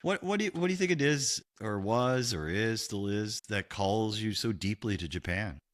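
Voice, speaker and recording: A man's voice: on the low side, animated, normal speed, dry recording, studio quality. A man hosting a podcast, asking curious, casual questions and laughing along with his guest. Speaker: podcast host. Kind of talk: conversational interview.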